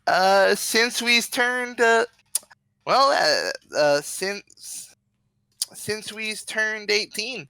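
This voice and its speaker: A man voicing a young swamp-folk ferrywoman who speaks haltingly, full of hesitations. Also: sits high, lively intonation, creaky, pushed and bright, clear, resonant tone, dry recording, voice pushed up, full character voice. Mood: hesitant.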